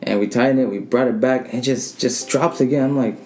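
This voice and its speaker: A man's voice: mid-range voice, quick pace, faint music behind. A man telling a personal ghost story in casual podcast chat, acting out quoted lines with many fillers. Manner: animated, acts out quoted lines, frequent fillers.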